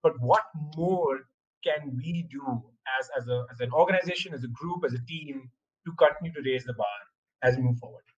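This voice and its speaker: A man hosting a podcast in casual chat, upbeat and excitable as he poses questions to his co-hosts. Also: fairly high pitch, brisk, lo-fi sound. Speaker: podcast host.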